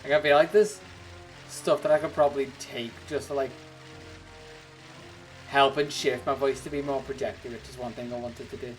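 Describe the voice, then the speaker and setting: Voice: medium pitch, steady tone, moderate pace, long pauses, soft background music. A streamer chatting casually to viewers during a game livestream, rambling between topics and laughing often. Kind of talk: casual livestream chat while gaming.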